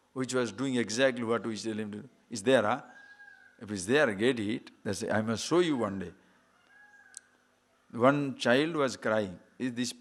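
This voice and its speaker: Male teacher of spiritual texts, lively delivery with wide pitch swings, playful and quick to laugh. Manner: playful, laughs often, rhetorical questions.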